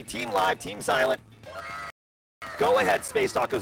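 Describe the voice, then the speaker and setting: Guy hosting a livestream, super lively pitch, gravelly and husky, dry close mic. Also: a little fast, faint music behind, poor audio. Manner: animated, jumps high and low in pitch. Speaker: livestream host. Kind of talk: casual livestream chat.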